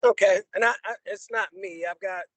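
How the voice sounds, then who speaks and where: A man calls in by phone and asks his question informally, apologizing and restarting his sentences. His voice sits high, and the sound is dry and close to the phone. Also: fairly quick, fairly bright tone, no echo. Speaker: caller joining a meeting by phone. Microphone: phone held close.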